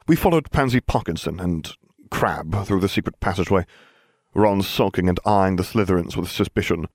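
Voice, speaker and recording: A man reading a story aloud in a lively, animated way. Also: sits low, moderate pace, dry recording, studio quality. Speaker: narrator. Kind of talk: reading fan fiction aloud.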